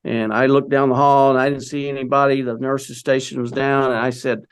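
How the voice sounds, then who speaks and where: A man's voice: medium pitch, level tone, fairly quick, smooth. An older man, an interview guest, recounting a story in a rambling conversational way, peppered with "you know".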